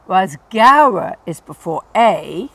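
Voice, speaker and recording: A woman's voice: medium pitch, big pitch swings, measured pace, gravelly, crowd noise. Woman explaining with laughs. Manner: instructive, laughs easily, repeats words for emphasis. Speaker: garden designer and host. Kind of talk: casual explanatory chat.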